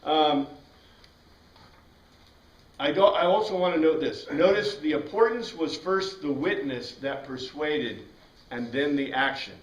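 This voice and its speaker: Male Bible teacher lecturing a class, lively and questioning, recorded from a distance in an echoey room. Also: on the high side, a little slow, long pauses. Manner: animated, asks the class questions, frequent "right?".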